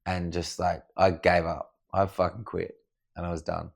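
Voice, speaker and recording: Gravelly Australian man telling a story. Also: low voice, normal speed. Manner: animated, swears freely, acts out other people's voices. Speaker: podcast guest, foiler. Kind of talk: casual storytelling chat. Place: living room of a house at night.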